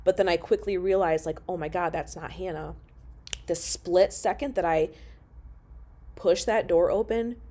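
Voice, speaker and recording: A woman's voice: lowish voice, mellow. A woman telling a personal story to her viewers in a casual, emotional way, swearing freely and talking straight to them. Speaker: storyteller vlogger.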